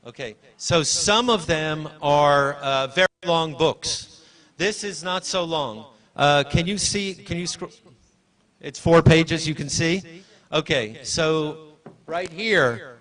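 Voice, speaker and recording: A man's voice: on the high side, fairly bright tone. A man giving a live presentation at a library launch, chatty and rambling, often correcting himself and giving directions to his helpers. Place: university event hall.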